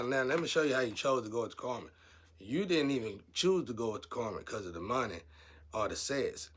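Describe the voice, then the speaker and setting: Man, low voice, casual spiritual monologue, rambling, blunt, preachy, rises to heated outbursts.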